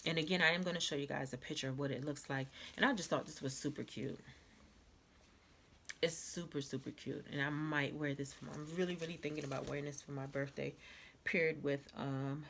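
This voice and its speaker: A woman vlogger with a stuffy nose, chatting casually through a clothing haul, repeating herself and filling pauses with "um". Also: low voice, fairly even intonation, gravelly, a bit bright, slight background noise. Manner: chatty, repetitive, many fillers. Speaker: fashion vlogger.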